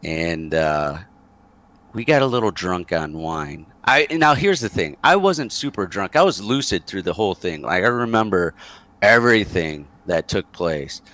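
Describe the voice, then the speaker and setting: A man's voice: sits low, animated, unhurried, sharp tone. A man, a former soldier, tells a rambling war story in a casual interview over a voice call, with many fillers and chuckles.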